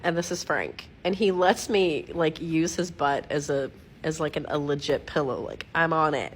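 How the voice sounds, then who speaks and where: A middle-aged woman at home giving a casual, rambling video update, giggling at herself, digressing often and clearing her throat. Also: sits low, moderate pace, slight background noise. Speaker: vlogger updating followers. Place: at home, lying against her dog.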